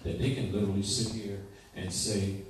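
A man's voice: on the low side, level tone, moderate pace. A man teaching a class in a conversational, repetitive way, at times easing into a soothing hypnotic cadence. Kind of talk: classroom lecture. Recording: echoey room from far off, faint noise.

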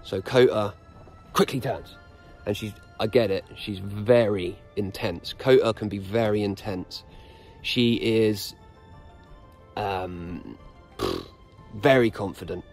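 Faint music sits under a fairly low, slow voice. It belongs to a middle-aged British man, a dog trainer filming himself outdoors on a walk, who lectures bluntly and plainly as he gives casual instruction.

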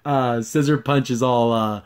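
A man hosting a casual solo review, rambling with frequent restarts and fillers, and acting out characters' lines in lively voices. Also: medium pitch, a little slow, clean tone. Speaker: host reviewing a cartoon episode.

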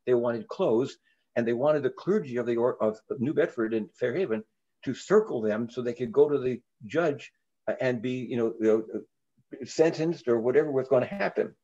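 An older reverend tells a story in an interview, earnest but frequently stopping and restarting. His voice is medium in pitch and dark in tone, with the highs cut off.

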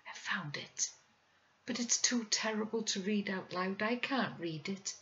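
A woman's voice: medium pitch, normal speed, a bit bright, dull audio, slight background noise, pitched above the performer's own voice, natural voice. A woman voicing a shy, serious young boy who speaks hesitantly. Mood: troubled.

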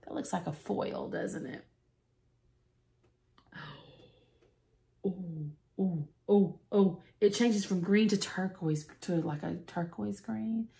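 A woman vlogger chatting excitedly through a makeup unboxing, gasping and gushing and often dropping to a whisper. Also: mid-range voice, slow, vocal fry, pauses often.

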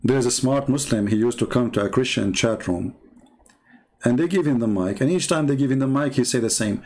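A man giving mocking, incredulous commentary as a religious debater, retelling his debates with lively emphasis. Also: mid-range voice, a little fast.

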